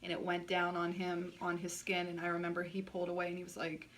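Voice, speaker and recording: A woman's voice: on the low side, monotone, fast talker, fairly bright tone, far from the mic. A woman vlogger telling a personal story in a blunt, candid way, swearing freely and saying "like" a lot. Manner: blunt and frank, swears freely, many filler likes.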